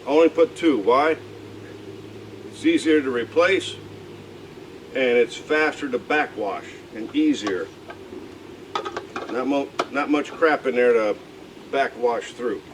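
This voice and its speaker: A man's voice: medium pitch, takes it slowly, long pauses, a little hiss or hum, low-quality recording. An older man narrating a casual do-it-yourself pool repair outdoors, grumbling and talking to himself as he works. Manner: folksy, grumbling, talks to himself while working. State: out of breath at times. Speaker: DIY video host. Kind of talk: casual how-to vlog narration.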